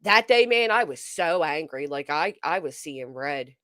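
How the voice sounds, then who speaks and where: A woman hosting a casual livestream, chatting to viewers in an animated, emphatic way with a forceful edge. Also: low-pitched, a little slow, no echo, studio quality. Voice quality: tends to sound forceful, described as angry. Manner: animated, emphatic, talks straight to chat. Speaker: livestream host.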